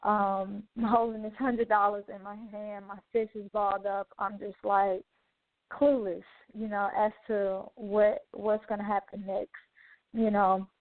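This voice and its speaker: A woman's voice: medium pitch, level tone, a little slow, dry recording. A woman radio host earnestly telling listeners an emotional personal testimony, with many fillers. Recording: dry tinny phone-like line.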